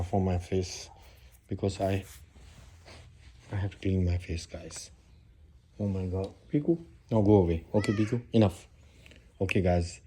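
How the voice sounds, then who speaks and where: A man from Pakistan with a Pakistani accent, hosting a casual home vlog in halting English full of fillers and restarts. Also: deep voice, mellow. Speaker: YouTube channel host.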